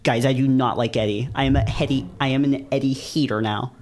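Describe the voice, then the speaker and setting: A man reading a visual novel aloud in the first person, breaking off into casual, swearing, laughing commentary. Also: medium pitch. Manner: casual, swears and laughs, quick animated reactions.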